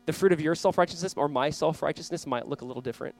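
A young man preaching a sermon, animated and storytelling, acting out quoted voices. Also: fairly high pitch, very fast. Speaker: pastor.

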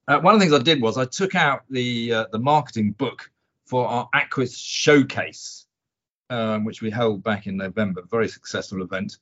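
A man's voice: mid-range voice, fairly bright tone. A man hosting a podcast about markets, talking casually and rambling with fillers and restarts. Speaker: podcast host. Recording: dull lo-fi audio.

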